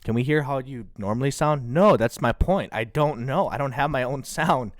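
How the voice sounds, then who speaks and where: A man's voice: mid-range voice, normal speed, no room sound, clean studio sound. A man in his thirties streaming live, chatting casually, laughing and trying out rap voices.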